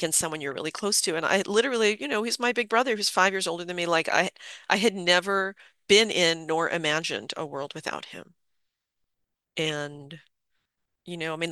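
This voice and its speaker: A person in their fifties recalls a memory in candid, halting speech with soft laughs here and there. The voice is bright and forward. The recording is close and dry, with no room sound. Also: mid-range voice, no room sound. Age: 50s. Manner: halting, with fillers and restarts. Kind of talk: reflective personal storytelling.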